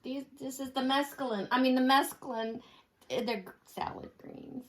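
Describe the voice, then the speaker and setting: A woman's voice: high-pitched, normal speed, fairly bright tone. A woman co-hosting, bantering and teasing with a laugh in her talk. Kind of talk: casual banter.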